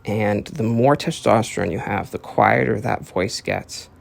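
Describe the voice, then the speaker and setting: A man's voice: lowish voice, a little slow, creaky. A young man hosting his own podcast, talking in a casual, profane, rambling monologue with earnest lecturing. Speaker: podcast host.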